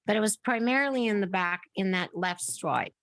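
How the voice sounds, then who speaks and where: A woman's voice: mid-range voice, expressive, moderate pace, a bit bright. A middle-aged woman, a guest on a podcast, telling a long personal story and acting out the conversations she remembers. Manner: narrates at length, acting out remembered dialogue. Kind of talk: casual interview storytelling.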